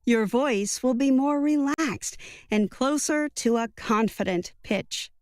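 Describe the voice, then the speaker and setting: A woman narrates a book summary slowly and evenly, her voice sitting a little high. The recording is dry and close, with soft music underneath. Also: dry recording. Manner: even, measured reading. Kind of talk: scripted narration.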